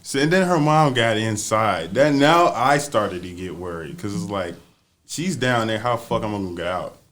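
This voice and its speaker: A man's voice: fairly low pitch, expressive, moderate pace, fairly bright tone. A young man on a podcast casually telling a profane, playful story, laughing as he goes.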